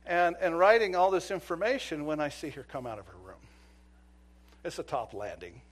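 A man in his fifties preaching a sermon, telling a story from his police days and acting out the dialogue, swinging from loud bursts to near-whispers. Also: fairly high pitch. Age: 50s. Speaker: preacher and former police officer.

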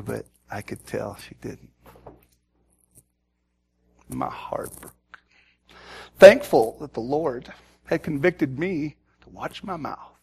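A man delivers a sermon in a fairly high voice. He drops low to tell a personal story, then builds to loud, urgent exhortation and often repeats words as he starts a thought. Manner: swings between loud urgent preaching and quiet storytelling. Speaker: pastor.

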